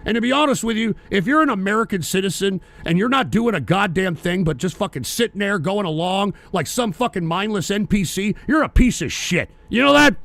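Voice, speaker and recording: A man hosting a livestream, ranting angrily about politics and cursing at viewers who donate, often shouting. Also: high-pitched, animated, a little fast, hardly any pauses, dry recording. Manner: profane, ranting, frequently shouting. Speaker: livestream host. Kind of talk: angry political rant, reading donations.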